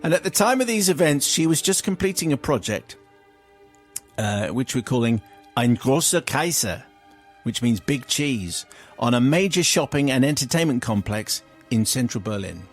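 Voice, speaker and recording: A man's voice: mid-range voice, lively intonation, moderate pace, faint music behind. A middle-aged male radio host reading a listener's letter aloud in a wry, theatrical way. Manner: wry and theatrical, breaking into laughter.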